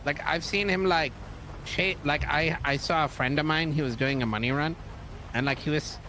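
A slangy, aggrieved civilian who rambles through his complaint, as a man plays him. His voice is bright and sharp, pitched a little high in a role-play game. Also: moderate pace, slight background noise, low-quality recording.

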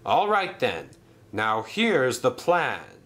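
A man's voice: medium pitch, wildly swooping pitch, very slow, fairly bright tone, exaggerated voice. A man voicing a firm but kind male railway boss who speaks in a commanding, formal way.

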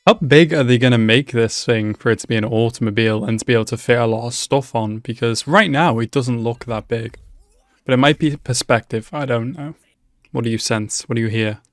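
A man's voice: mid-range voice, brisk, no echo, studio quality. A man hosting an anime reaction video, chatting casually to the screen and laughing often. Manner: laughs often, excitable exclamations and asides to the screen. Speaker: anime reaction channel host. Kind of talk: casual live reaction commentary.

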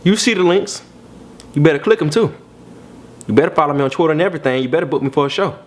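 A man doing a comedic monologue to the camera, with a preachy, animated street-talk delivery. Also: fairly high pitch, fast.

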